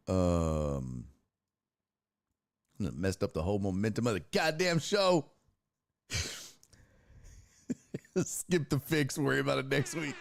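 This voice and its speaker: A man hosts a live-streamed sports talk show, reading viewer messages aloud and answering them. His mid-range voice has some vocal fry, and he curses freely, sounds exasperated, and is quick to laugh between remarks.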